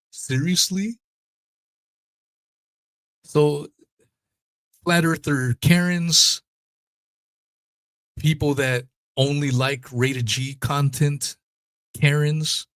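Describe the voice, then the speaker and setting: A man's voice: medium pitch, no echo. Guy ranting on his podcast, swears nonstop, blunt and fired up, dry sound. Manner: profane, blunt, heated. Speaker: podcast host. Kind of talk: casual ranting monologue.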